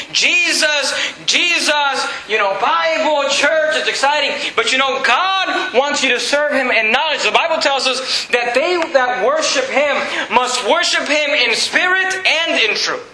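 A man preaching at a Bible study, emphatic, with many rhetorical questions and repeated phrases. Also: sharp tone. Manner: emphatic preaching that rises in pitch; frequent rhetorical questions and repetition. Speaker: pastor. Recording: echoey room with faint ambience.

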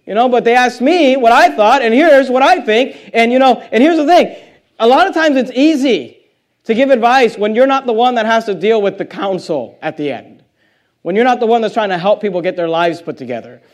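A man's voice: very high voice, lively intonation, a little fast. A man preaching a sermon in a conversational way, reading scripture aloud and putting questions to the congregation.

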